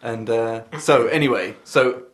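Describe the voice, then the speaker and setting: Man, podcast host, mid-pitched voice, rambling, hesitant, joking. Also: measured pace. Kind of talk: casual podcast chat.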